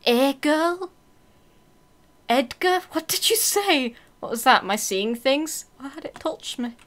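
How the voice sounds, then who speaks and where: A woman's voice: high voice, expressive, takes it slowly. Jumpy, swearing woman gamer. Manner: jumpy, swears a lot, reacts out loud, reads game text aloud. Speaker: gamer playing a horror game. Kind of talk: let's-play commentary.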